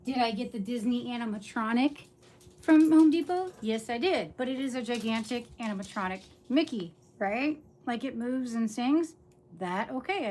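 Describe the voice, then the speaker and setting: A woman's voice: a little high, a little mellow, a little hiss or hum. A middle-aged woman chatting casually to viewers on a livestream while she crafts, rambling from one thought to the next.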